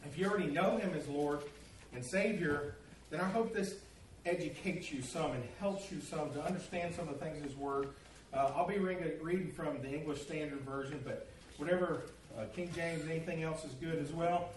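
A man delivers a sermon, rambling and folksy with plenty of "uh"s. His voice sits a little high for a man. He is heard from a distance in an echoey church sanctuary with faint room noise. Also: moderate pace. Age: middle-aged or older. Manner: folksy, rambling with many fillers. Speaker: pastor. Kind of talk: sermon with storytelling.

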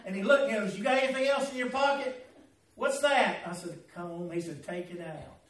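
Southern preacher guy, high voice, folksy storytelling, echoey and kinda far off. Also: lively intonation, brisk, fairly bright tone. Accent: Southern American. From American South. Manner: folksy storytelling, laughing through the tale. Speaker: pastor. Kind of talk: sermon with a personal story. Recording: echoey, from a distance.

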